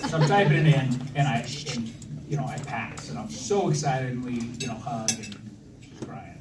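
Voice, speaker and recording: A man's voice: medium pitch, moderate pace. A man in his thirties giving a wedding speech for his brother, joking and self-deprecating, with many fillers and restarts. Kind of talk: wedding toast. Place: wedding reception hall. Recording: echoey hall from far off, loud crowd ambience.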